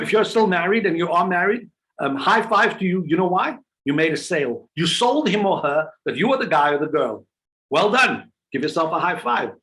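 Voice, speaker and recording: A male business coach, delivering a motivational sales talk. His voice sits a little on the high side. He drives his points with rhetorical questions and playful little voices for the people he quotes. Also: fairly bright tone.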